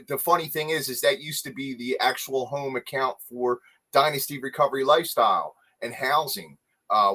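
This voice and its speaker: A man's voice: medium pitch, pushed and bright. A man being interviewed as a guest, talking earnestly about his recovery housing work with frequent chuckles. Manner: earnest, chuckling, restarts words. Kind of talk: casual chat.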